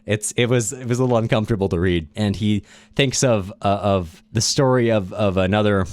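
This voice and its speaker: A man's voice: fairly low pitch, brisk, dry recording. A man co-hosting a casual literature podcast, retelling a plot loosely with fillers and chuckles. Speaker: podcast co-host.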